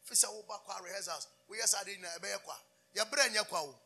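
A man's voice: high-pitched, quick pace, pushed and bright, slightly rough, faint music behind. A man preaching a fervent sermon, asking the congregation call-and-response questions and switching between English and Twi. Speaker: pastor.

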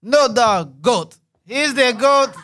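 A man's voice: extremely high pitch, expressive, slow pace, pushed and bright, pitched above the performer's own voice, full character voice. A man voicing a stern father who speaks in clipped, broken English. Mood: bossy. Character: stern Haitian immigrant father, blunt and bossy.

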